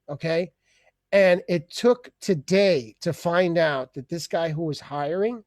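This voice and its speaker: A man's voice: fairly high pitch, no echo, studio quality. Rambling, profane male comedy host. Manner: rambling, profane, with quick voice changes. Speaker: open mic host. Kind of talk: comedy rant. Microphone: video call.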